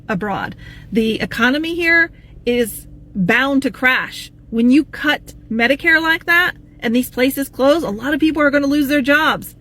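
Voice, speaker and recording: A woman's voice: on the high side, fairly bright tone, a little hiss or hum. A woman giving frustrated political commentary, speaking with emphasis.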